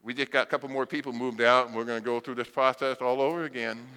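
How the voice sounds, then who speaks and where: Speaking fast and smoothly in a mid-range voice, a blind preacher delivers a sermon of humorous storytelling, performing the voices of his characters. A long reverb tail follows his words.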